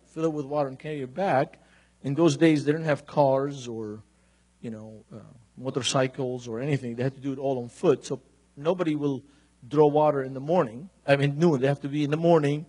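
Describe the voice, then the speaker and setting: A man preaching a sermon, reading scripture and telling personal stories in an increasingly animated, emphatic way. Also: a little high, slightly rough. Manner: storytelling, grows more animated and emphatic.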